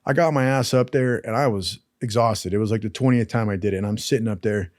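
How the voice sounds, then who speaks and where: A man's voice: lowish voice, quick pace, darkish tone, no room sound, clean studio sound. Profane man telling rambling stories. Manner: profane, rambling anecdotes with acted quotes. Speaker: storyteller. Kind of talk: casual storytelling.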